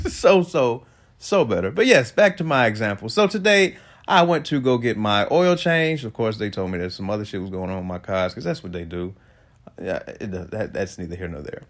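A man hosting his own show, delivering a casual, profane rant with sarcastic asides and frequent laughter. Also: mid-range voice. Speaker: solo talk host.

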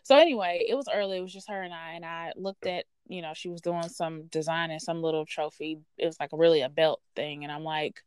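A woman's voice: deep voice, fairly quick, hardly any pauses, smooth, no room sound. Blunt, profane woman ranting. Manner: blunt, profane, sassy, animated. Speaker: podcast host. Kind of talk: casual storytelling rant.

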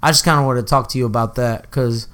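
A man's voice: mid-range voice, fairly even intonation, quick pace, a bit bright. A young man chatting on a casual podcast. His talk is loose and full of swearing. He keeps breaking into laughter and acting out movie lines in other voices. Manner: loose and profane, laughs often, acts out movie quotes. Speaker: podcast host.

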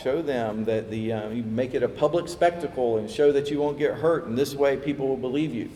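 A man preaching a sermon, lively, acting out quoted voices as he tells the story. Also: medium pitch, a little fast, few pauses, a little hiss or hum. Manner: animated, acts out quoted voices, chuckles. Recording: echoey hall with faint ambience.

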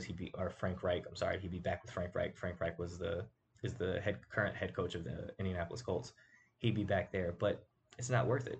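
Low-voiced guy ranting about football on his show, punchy and emphatic, little hiss behind. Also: flat delivery, a little fast, vocal fry. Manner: emphatic, rhetorical asides. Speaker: sports show host. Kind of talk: casual sports commentary.

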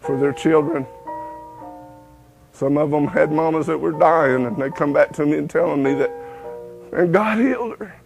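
High-voiced man preaching testimony. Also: moderate pace, creaky, pauses often, darkish tone, faint music behind, rough recording. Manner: folksy storytelling, breaks into hymn lines. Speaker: preacher giving his testimony. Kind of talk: testimony sermon.

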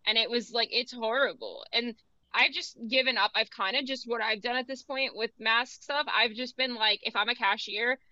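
Young female co-host, fairly high voice, chatty with fillers. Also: normal speed, sharp tone, no room sound, dull audio. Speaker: radio co-host. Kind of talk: casual radio chat. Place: college radio studio.

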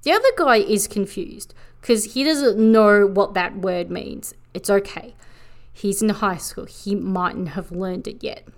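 A woman giving a sarcastic, profane comedic recap of an anime, tossing off quick mocking voices for the characters. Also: medium pitch. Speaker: anime reviewer.

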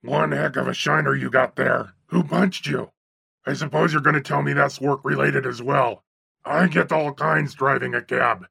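A talkative, heavyset cab driver , as a male audiobook narrator puts him on, with a deep gravelly rasp and a husky, smoke-worn edge. He chatters on in a folksy drawl, sharp and forceful at the front of each word. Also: fairly even intonation, moderate pace, dry recording, clean studio sound, full character voice. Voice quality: raspy, phlegmy. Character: gregarious overweight chain-smoking male cab driver. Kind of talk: audiobook character voice.

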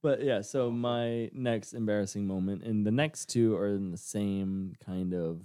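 A young man co-hosting a podcast in casual chat. He speaks in a relaxed, hesitant way with many fillers. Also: on the low side, a little slow, smooth. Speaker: podcast co-host.

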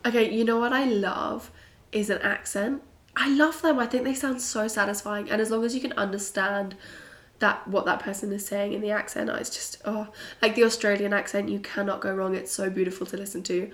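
A young British woman hosting a casual solo podcast, bubbly and chatty with frequent giggles, her voice a little croaky and husky. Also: mid-range voice, fairly even intonation, a little fast, a bit bright. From Britain. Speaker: podcast host. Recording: roomy echo.

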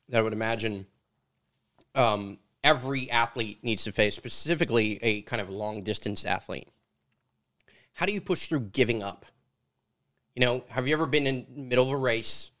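A man's voice: mid-range voice, a bit bright. A man hosting a casual interview while eating hot wings, chatty and rambling with many fillers. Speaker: podcast host.

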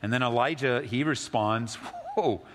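A male pastor giving an animated sermon, reading scripture and teaching with emphatic, rising delivery. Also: moderate pace, long reverb tail, slight background noise. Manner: animated preaching, voice rising high when acting out the widow's excitement.

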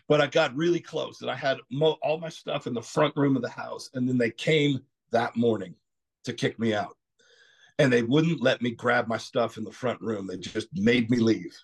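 A middle-aged man from Texas, a podcast guest telling his story candidly, rambling and clearing his throat often. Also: medium pitch, normal speed. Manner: frequent "you know" asides.

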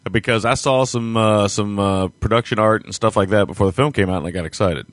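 Male podcast co-host, low-ish pitch, dry close sound, hesitant rambling chat. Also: a little fast, no room sound. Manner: rambling, hesitant, laughs often. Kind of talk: casual chat.

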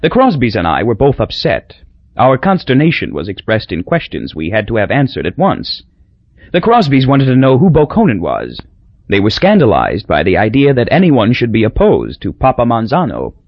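A man narrates a novel in a wry, measured way, his husky voice swinging widely in pitch. The recording is dry and dull, with a lo-fi edge. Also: huge pitch swings, dry recording. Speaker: audiobook narrator. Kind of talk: scripted narration.

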